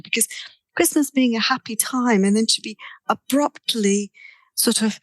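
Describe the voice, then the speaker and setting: Animated woman telling a personal story. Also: fairly high pitch, a little slow, dry recording. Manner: animated storyteller, frequent repetitions. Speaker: guest therapist.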